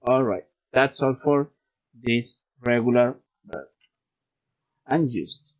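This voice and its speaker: A man's voice: medium pitch, takes it slowly, poor audio. A man teaching an online English class, patiently drilling words and repeating each one, slipping into Spanish to explain.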